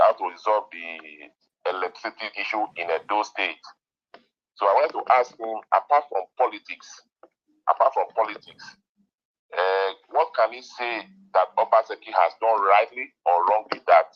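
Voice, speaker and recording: A man calling in to a radio show, asking questions politely and hesitantly. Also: on the low side. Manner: hesitant, polite, full of restarts. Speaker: caller. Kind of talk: phone-in question. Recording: muffled phone-in line.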